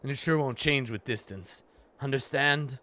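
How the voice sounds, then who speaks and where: A man reading the lines of a loyal, gruff ancient male giant in a low, steady, heartfelt way. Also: normal speed, close to an everyday voice.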